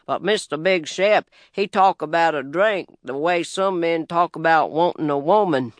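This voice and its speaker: A man with a Southern US accent narrating a first-person audiobook story in an unhurried, plainspoken, wry manner on a close studio mic. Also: a little high, no echo.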